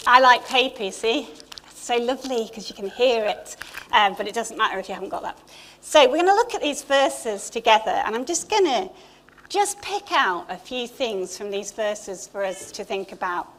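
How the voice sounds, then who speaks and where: A woman's voice: on the high side, lively intonation, normal speed, fairly bright tone. A middle-aged woman with an English accent giving a chatty, informal Easter sermon in a church, with light asides to the congregation. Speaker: church leader. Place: church hall.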